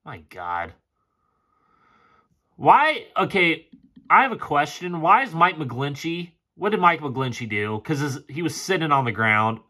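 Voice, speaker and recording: A man's voice: on the high side, big pitch swings, unhurried, sharp tone. A man casually breaking down football game film, frustrated and sarcastic and swearing often. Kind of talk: casual play-by-play film commentary.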